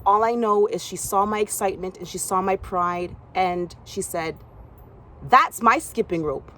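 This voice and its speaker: A young woman from Canada telling a personal story from her gymnastics past, acting out other people's lines in a higher voice. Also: fairly even intonation, normal speed, fairly bright tone, slight background noise.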